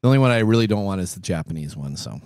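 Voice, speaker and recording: A man hosting a radio show, bantering casually with a lively, laughing manner. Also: deep voice, very fast, no echo, studio quality. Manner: lively, laughing, frequent restarts. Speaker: host.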